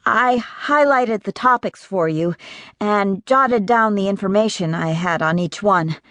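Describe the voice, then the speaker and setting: A woman's voice: medium pitch, unhurried, fairly bright tone, no echo, pitched above the performer's own voice, close to an everyday voice. A woman voicing a flustered young female assistant who tries to sound cheeky, in a lifted, eager tone.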